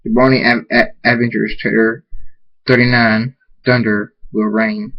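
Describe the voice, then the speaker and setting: A man reading fan fiction aloud, halting and restarting words as he goes. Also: mid-range voice, flat delivery, vocal fry, dull audio. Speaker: amateur reader.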